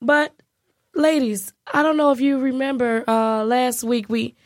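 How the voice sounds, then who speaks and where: A woman co-hosting a podcast in casual, playful chat, her voice husky and lowered. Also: flat delivery, measured pace. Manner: chatty, laughs easily, playful. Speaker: podcast co-host.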